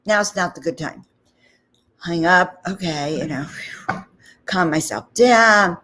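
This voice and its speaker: Chatty woman telling a story, lowish voice. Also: slow pace, pauses often. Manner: animated anecdote with frequent 'okay?' and 'you know' asides. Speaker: host of a spiritual talk channel.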